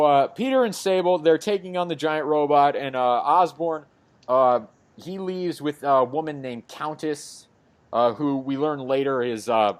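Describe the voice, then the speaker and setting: A podcast host recapping a comic book in a rambling way, full of fillers. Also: medium pitch. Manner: rambling, many fillers and restarts.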